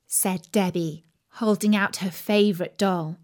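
A woman reading a children's story aloud in an expressive, gently dramatic way. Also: mid-range voice, a little slow.

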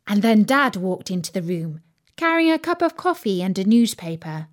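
A woman reading a children's story aloud in an expressive, gently dramatic way. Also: mid-range voice, normal speed.

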